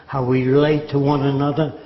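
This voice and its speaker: This lecture monologue comes from an older man with a medium-pitched, level voice that moves a little fast. He mocks the quotes he mimics in a sardonic tone. It was recorded in an echoey room with dull, lo-fi sound.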